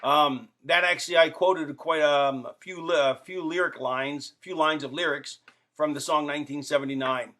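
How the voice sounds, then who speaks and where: A man's voice: fairly high pitch, fairly even intonation, normal speed, sharp tone. A middle-aged man rambling jokily to his fans in a casual vlog to camera, full of fillers and asides. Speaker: wrestler vlogging to fans. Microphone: camera facing the speaker.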